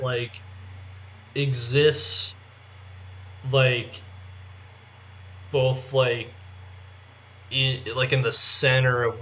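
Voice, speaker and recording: A man's voice: mid-range voice, bright, forceful tone. A male podcast co-host in casual chat, rambling as he eagerly explains, filling his talk with "like". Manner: rambling, heavy use of filler "like", eager explaining.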